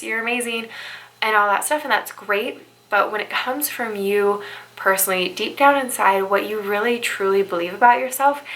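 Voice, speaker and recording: A young bridal stylist gives upbeat, chatty motivational advice in a vlog, frequently checking in with "right?". Her medium-pitched voice is a bit bright, and the recording quality is low.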